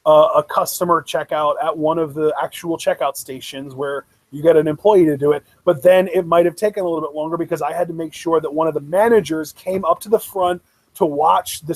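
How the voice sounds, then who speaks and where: A man's voice: sits high, husky, dry recording, rough recording. A young man co-hosting a casual Q&A, telling a long rambling story full of "like" and restarts. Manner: rambling, peppered with "like". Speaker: co-host.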